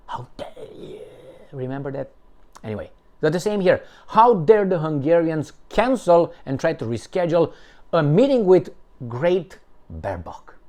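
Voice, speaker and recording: A man talking through the news on his own, his pitch leaping up and down as he pushes each point. He reads passages aloud, then breaks off into mocking, emphatic asides. The delivery stays lively and combative. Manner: animated and sarcastic, with emphatic swings and mocking asides. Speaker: political commentator. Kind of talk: solo commentary, reading and reacting to news articles.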